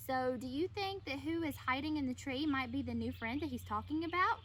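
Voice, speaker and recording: A woman teacher reading a picture book aloud to children, pausing to ask encouraging questions. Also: sits high, fairly bright tone, slight background noise. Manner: encouraging, asks questions of the listeners.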